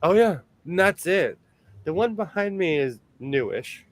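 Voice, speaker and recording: Male livestream host, casual and chatty, bit higher pitched, quick to laugh. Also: no room sound. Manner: chatty, animated, laughs often.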